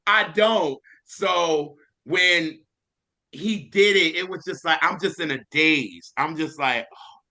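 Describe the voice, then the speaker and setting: A man's voice: on the high side, takes it slowly, bright, forceful tone. A man co-hosting a casual music podcast, gushing over songs in an effusive, exclamatory way. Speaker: podcast co-host.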